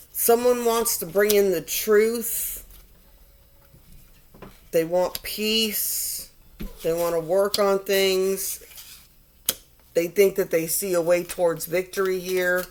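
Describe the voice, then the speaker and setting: A woman's voice: lowish voice, slight background noise. A woman giving a casual tarot reading in a rambling, conversational way. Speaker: tarot reader.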